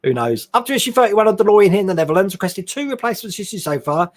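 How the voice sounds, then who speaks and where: Man, high-pitched voice, casual live-stream host, chatty and laughing, reads chat aloud. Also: big pitch swings, racing. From England. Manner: chatty, laughs often, reads out chat questions then answers.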